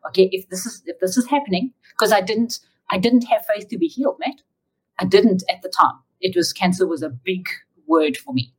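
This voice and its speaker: A woman telling her personal testimony as an interview guest, in an emotional, animated way. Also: mid-range voice, normal speed, husky, poor audio.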